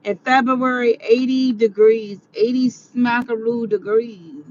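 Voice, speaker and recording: A woman's voice: medium pitch, measured pace, muffled recording, slight background noise. A tired woman vlogging to her viewers in a rambling, chatty monologue. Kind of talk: casual monologue.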